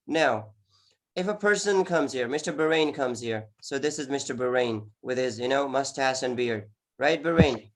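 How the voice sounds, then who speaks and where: A male teacher runs an online English exam lesson over a video call. He talks in an encouraging way, repeats words and fills gaps with "okay". His voice sits at an everyday middle pitch. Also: normal speed. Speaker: IELTS teacher.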